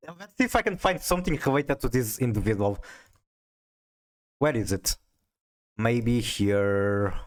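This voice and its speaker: Here a man with a mid-range, animated voice talks a little slowly and pauses often. He's live-streaming a card game, casually chatting with viewers, reading their comments aloud, and stammering as he restarts his thoughts.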